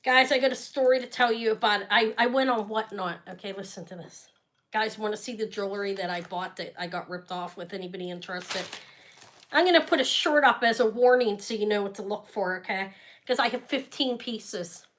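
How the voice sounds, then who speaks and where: A woman's voice: mid-range voice, brisk, a bit bright. A woman hosting a live jewelry sale stream, chatting casually and rambling as she talks straight to her viewers.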